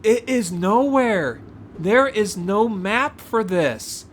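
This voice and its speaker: Excitable woman exploring a game glitch. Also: mid-range voice, takes it slowly, a little hiss or hum. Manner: excitable, gasping, says "oh my gosh" often. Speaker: gameplay video creator. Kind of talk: excited gameplay commentary.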